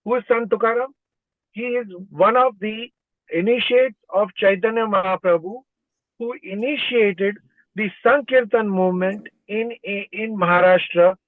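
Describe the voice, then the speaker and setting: A man's voice: sits high, a little slow, no room sound. A man joins a video call from a car, starting hesitantly and then explaining at length. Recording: tinny dry phone-like call audio.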